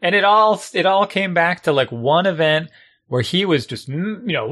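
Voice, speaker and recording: Casting: middle-aged man, coach type, bright forceful tone, animated storyteller. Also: high voice, normal speed. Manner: animated storyteller, acts out yelled lines. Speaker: youth sports coach and parent. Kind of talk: casual chat.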